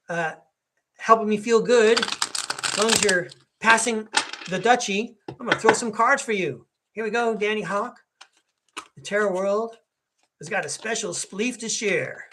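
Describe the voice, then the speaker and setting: A man's voice: high-pitched, unhurried, pauses often, background noise. An American man hosting a podcast, reading tarot cards live in a chatty, rambling, folksy way that is often broken by laughter. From United States. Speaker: podcast host and tarot reader.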